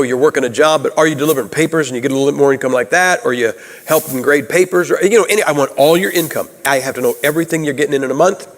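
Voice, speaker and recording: A Baptist preacher man delivers a homespun sermon, peppering it with questions to the congregation. His voice sits a little high for a man. The sound rings with the long reverb of a church sanctuary. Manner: folksy, conversational, asks the audience questions.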